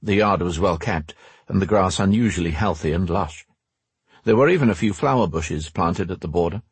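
A man narrating a fantasy audiobook in a steady, expressive storytelling manner. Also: low voice, normal speed, slightly rough, no room sound.

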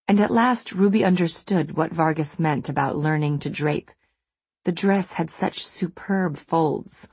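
A woman reading a novel aloud in measured, steady scripted narration. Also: low voice, husky, no echo. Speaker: audiobook narrator.

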